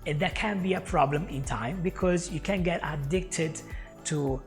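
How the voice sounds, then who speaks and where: An English teacher who is not a native speaker, giving job tips to camera in an upbeat way and often calling the viewer "my friend". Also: male voice, on the high side, normal speed. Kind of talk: talking to camera, tips video. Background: faint music.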